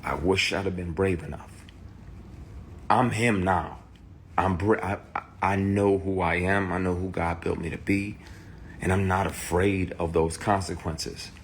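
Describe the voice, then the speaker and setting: Speaking to the camera, a man with a deep, steady voice recounts a personal story at a slightly slow pace, with a faint hiss or hum in the audio. He's candid, blunt and heated, swearing freely and shouting when he retells what people said.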